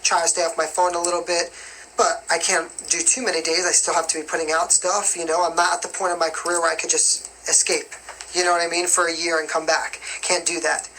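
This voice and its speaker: A young man from New York with a light New York accent and a bright, forceful voice. He hosts a casual live question-and-answer stream. He rambles chattily, filling his talk with "you know what I mean", over a faint hiss of noise. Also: a little high, level tone, brisk, low-quality recording. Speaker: livestream host answering viewer questions.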